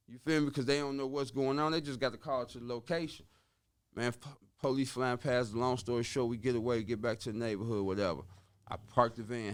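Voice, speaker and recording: A man telling a story on a podcast in casual street slang, dropping in sound effects like woo and boom. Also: clear, resonant tone. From Chicago. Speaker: podcast guest.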